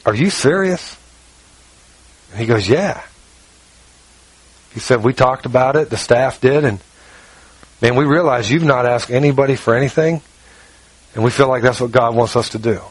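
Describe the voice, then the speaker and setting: At a moderate pace with frequent pauses and a breathy edge, a pastor shares a folksy personal story in his sermon, acting out dialogue, reading scripture, and dropping his voice for asides. The recording sounds dry and rough.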